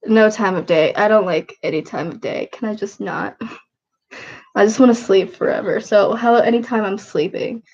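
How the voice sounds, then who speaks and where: A woman in her twenties chatting casually on a livestream, sniffly and tired, rambling in a low-key, self-deprecating way. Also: normal speed, a little mellow, husky, muffled recording. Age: 20s.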